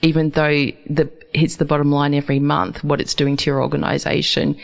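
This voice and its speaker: Woman, radio host, gravelly, chatty, studio mic. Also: low-pitched, flat delivery, fairly quick. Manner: chatty, laughs easily, agreeable. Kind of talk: casual radio chat. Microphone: studio microphone.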